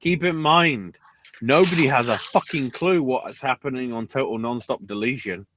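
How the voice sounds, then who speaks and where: A man co-hosting a podcast in casual chat, swearing often and bursting into excited outbursts. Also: medium pitch, moderate pace. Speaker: podcast co-host.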